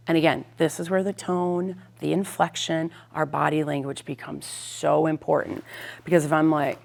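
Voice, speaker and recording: A woman's voice: sits low, normal speed, vocal fry, a little mellow. A middle-aged woman school counselor giving a practical, conversational talk to parents and often checking in with "right?".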